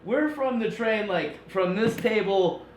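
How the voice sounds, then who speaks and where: A man with a notably high voice chats on a podcast, telling a story with animated energy. He laughs often and swears freely. The room is echoey, with a faint hiss underneath. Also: a little slow. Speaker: podcast co-host. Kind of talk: casual chat.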